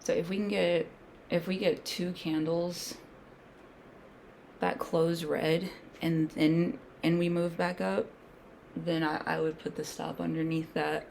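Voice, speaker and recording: A woman with a gravelly, fry-edged voice sitting a little low for her sex talks through her trades in a loose, slangy way. She coaches her viewers with emphatic repetition and now and then drops to a near whisper, with faint noise behind her. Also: little pitch movement, takes it slowly, a little mellow. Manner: slangy, thinks aloud, sometimes drops to a whisper. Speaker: day trader streaming a trading session. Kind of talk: casual talk-along while trading.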